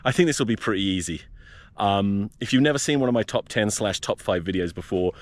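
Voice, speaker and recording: Low voiced guy rambling and swearing about rugby, out hiking in the desert. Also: animated, fairly quick, no room sound. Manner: profane, rambling, jokey. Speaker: rugby podcast host. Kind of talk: casual rant while hiking. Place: outdoors in desert wilderness.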